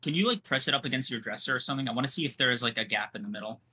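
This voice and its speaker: Brash, bright-voiced young man. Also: mid-range voice, very fast, husky. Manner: brash, profane trash talk. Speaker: podcast co-host. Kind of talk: casual livestream chat.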